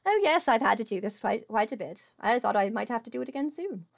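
A woman voicing a calm, gracious fae queen in a tabletop role-play, speaking smoothly and softly. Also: fairly high pitch, quick pace, no echo, studio quality. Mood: amused.

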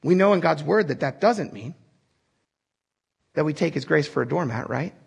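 A male pastor delivers an animated, conversational sermon, often turning to the congregation with direct questions. His voice sits fairly high and carries a husky, breathy texture. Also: normal speed.

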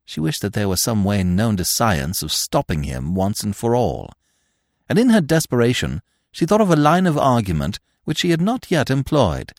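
A man narrating classic fiction in an expressive storytelling manner. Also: medium pitch, moderate pace, no room sound, studio quality.

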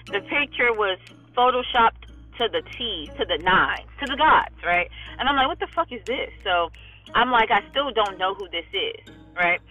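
A woman talking bluntly and profanely in a casual vlog monologue from her parked car, telling animated stories. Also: mid-range voice, rough recording. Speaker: vlogger.

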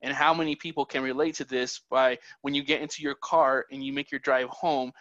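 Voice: medium pitch, fairly quick, no room sound. A host with a mid-range voice chats easily, adding their own reflections between murmurs of agreement. The recording is dry and slightly muffled. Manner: relaxed, frequent affirming murmurs. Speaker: podcast host. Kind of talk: conversational interview. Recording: dull, dry sound.

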